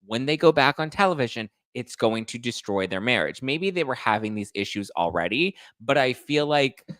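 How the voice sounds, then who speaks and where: A man's voice: mid-range voice, very animated, normal speed, fairly bright tone, dry recording. A man hosting a podcast, rambling through casual gossip chat full of "like" and "listen". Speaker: podcast host.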